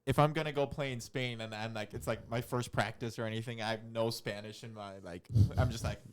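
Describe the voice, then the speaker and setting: A man's voice: medium pitch, steady tone, brisk, clean tone. Chatty man steering a podcast chat. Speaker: podcast co-host. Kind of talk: casual chat.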